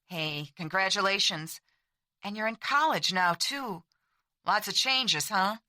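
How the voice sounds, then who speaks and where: Woman reading male soldier, older brother, eager, brisk, dry sound. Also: medium pitch, no room sound. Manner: eager, brisk, falsely bright.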